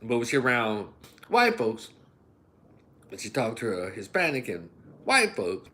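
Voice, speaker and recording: Middle-aged Southern man, opinion host, folksy and animated, voice leaps up and down. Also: mid-range voice, a little slow, pauses often. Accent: Southern American. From Memphis, United States. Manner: animated, acts out voices and imitations; folksy, addresses listeners as y'all. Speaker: commentary channel host. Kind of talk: ranting opinion commentary.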